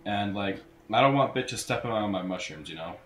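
A man's voice: fairly low pitch, lively intonation, moderate pace. Crude, swearing male gamer commentating. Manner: crude, swearing, sudden loud outbursts. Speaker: let's play gamer. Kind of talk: casual gameplay commentary. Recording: roomy echo, faint noise.

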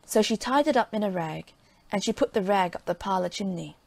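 A woman narrating a folk tale in a measured, plain reading style. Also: medium pitch, animated, creaky, darkish tone, no room sound. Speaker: storyteller.

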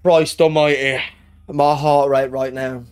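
A young man streaming a game, hoarse from a sore throat, talking loosely and swearing. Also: mid-range voice, little pitch movement, unhurried, dry recording, soft background music. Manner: panicky, yelling, repeating himself, swearing. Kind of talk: live gaming stream commentary. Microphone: streaming mic.

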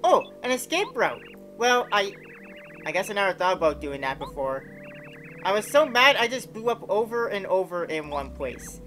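A woman's voice: medium pitch, very animated, moderate pace, a bit bright, faint music behind. A woman reading game dialogue as a cheerful, feisty young female bob-omb, with an eager, bouncy delivery. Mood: grateful.

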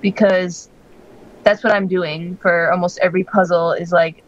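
On dull, lo-fi podcast audio, a woman co-host speaks at a moderate pace in a lowish voice with fairly even intonation. She chats casually, rambling with lots of fillers and restarts.

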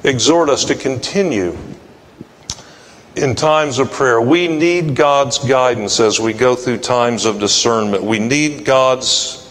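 A man's voice: medium pitch, slow pace, fairly bright tone, long reverb tail, poor audio. A male pastor preaching a sermon, telling a personal story in a folksy way and acting out the people in it. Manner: folksy, acts out quoted voices. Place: church sanctuary.

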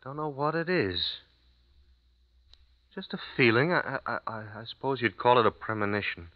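An actor playing a halting, stammering American writer in a 1950s radio drama. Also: male voice, medium pitch, expressive, close to an everyday voice. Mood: uneasy. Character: uneasy American male writer. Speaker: lead character. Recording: muffled 1950s radio broadcast.

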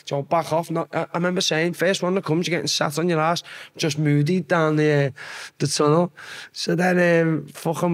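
Swearing Scouse man telling stories. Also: fairly high pitch. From Liverpool, England. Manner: swearing, animated storyteller. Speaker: guest, former footballer. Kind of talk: casual storytelling.

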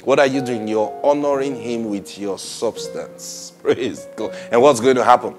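A man preaching a sermon, emphatic, laughing often and acting out quoted people in a low muttering voice. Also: a little slow, darkish tone, soft background music.

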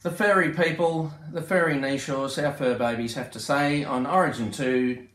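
A man's voice: a little high, steady tone, moderate pace, fairly bright tone. An Australian man hosting a casual home video with his family, chatty and playful, cooing affectionately at his pets. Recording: echoey room with background noise.

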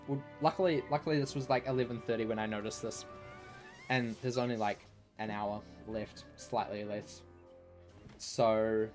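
Rambling male streamer chatting live. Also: mid-range voice. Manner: rambling storyteller with filler words and restarts. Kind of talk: casual chat to a live stream audience.

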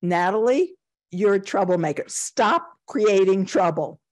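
Lady quoting old zen master guy, calm, blunt, short plain lines. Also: high voice, unhurried.

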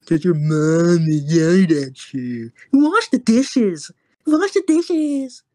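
A man's voice: extremely high pitch, very animated, takes it slowly, mellow, voice pushed up, full character voice. A young man putting on the voice of a mother scolding her teenage son with bossy, nagging orders.

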